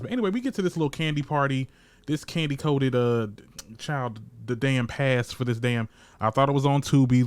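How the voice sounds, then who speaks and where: A man's voice: medium pitch, fairly quick, clean tone. A man recapping a reality TV episode in casual, shady commentary, swearing freely and voicing the cast in quotes. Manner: chatty, shady, swears freely, animated quoting. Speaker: reality TV reviewer.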